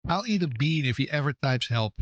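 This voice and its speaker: A man's voice: a little high, animated, a little fast, highs cut off. A man giving casual commentary on his own game, with a wry, teasing manner and frequent laughter. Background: background music.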